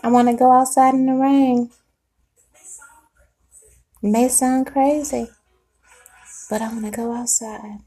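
High-voiced woman giving a tarot reading. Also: level tone, takes it slowly, pauses often, warm tone, husky. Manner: emotional, swearing, talks to the viewer as baby and sweetheart. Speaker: tarot reader.

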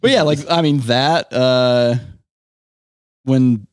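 Man, band guest, easygoing, enthusiastic, mid pitch, dry mic. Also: takes it slowly, clear, resonant tone, dry recording. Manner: easygoing, enthusiastic, casual swearing. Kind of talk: casual interview chat.

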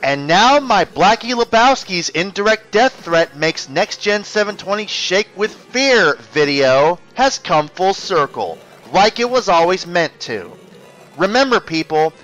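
A man's voice: high-pitched, very animated, a little slow, a bit bright, dull audio, soft background music. A man narrating a combative, sarcastic exposé as a YouTube commentator.

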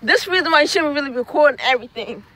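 A woman's voice: high-pitched, animated, rapid-fire, a bit bright, slight background noise. A young woman telling a rambling, profane storytime vlog outdoors at dusk, tagging her phrases with "okay?". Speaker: student vlogger.

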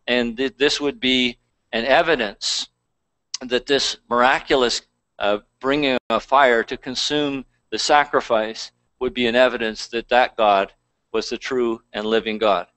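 A man's voice: medium pitch, steady tone, measured pace, fairly bright tone, no room sound, rough recording. A man pastor preaching a conversational sermon, reading scripture aloud between plain asides.

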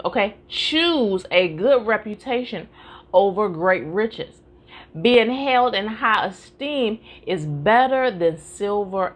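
A woman teaching a live-streamed Bible study in an animated, preacherly way, calling out to her listeners and urging them on. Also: medium pitch. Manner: animated, preacherly call-and-response.

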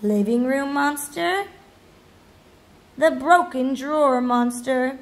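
A woman reading a children's book aloud, with expressive, animated delivery. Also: high-pitched, slow pace. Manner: expressive, animated character voices. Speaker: storybook read-aloud narrator.

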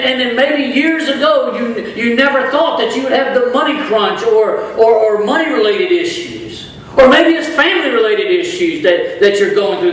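A man's voice: extremely high pitch, fairly bright tone. A man preaching a sermon as pastor, calling on the congregation to answer back and rising into bursts of emphasis. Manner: preaching with rising bursts and audience call-and-response. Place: church sanctuary. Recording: echoey church hall from far off.

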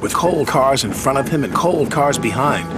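A man reads a children's storybook aloud, his mid-pitched voice rising and falling with lively expression. Music plays clearly behind him. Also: moderate pace. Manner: animated reading. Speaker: narrator. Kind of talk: storybook narration.

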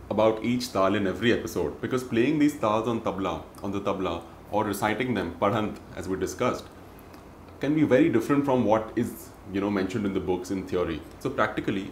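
Guy teaching a music lesson, chants the counts, lowish voice, roomy echo and a little hiss. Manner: recites rhythm syllables and counts in a steady chant. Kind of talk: spoken music lesson with recitation. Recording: roomy echo, faint noise.

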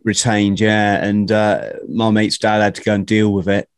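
Low-voiced podcast host, dry close sound. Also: male voice, level tone, clean tone, no echo. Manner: halting, with frequent restarts. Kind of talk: casual interview chat.

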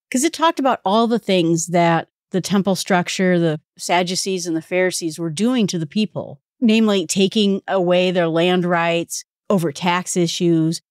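Low-voiced woman teaching scripture. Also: dry recording, studio quality. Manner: conversational, asks rhetorical questions, reads scripture aloud. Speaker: podcast host teaching Bible study. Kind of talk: casual Bible teaching.

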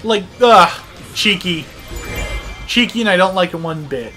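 An excitable, wisecracking gameplay commentator whose voice leaps around a wide, lively range. The delivery is casual and sarcastic, with frequent laughter. Faint game music plays underneath. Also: medium pitch, a little slow. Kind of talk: casual let's-play commentary.

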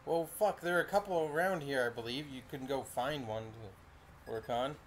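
A man's voice: medium pitch, normal speed, slight background noise. A young man casually commenting on his own gameplay, reacting aloud and swearing often. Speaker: gaming video host. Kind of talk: casual let's-play commentary.

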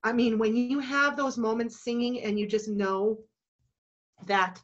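A Colorado woman in her forties who owns an entertainment company tells reflective stories in a virtual talk over a video call, heartfelt and emotional, halting with restarts and getting teary. Her voice is on the high side and the recording muffled.

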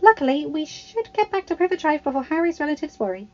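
A woman voicing a bossy, know-it-all teenage girl witch who talks briskly and fussily. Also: high-pitched, big pitch swings, pitched above the performer's own voice. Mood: eager. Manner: brisk, eager, fussy. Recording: slightly dull home recording.

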